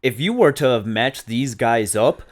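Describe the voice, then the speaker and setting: A man's voice: medium pitch, animated, measured pace. A man co-hosting a podcast, talking in a rambling, casual way with lots of fillers and swearing. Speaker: podcast co-host. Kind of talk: casual chat.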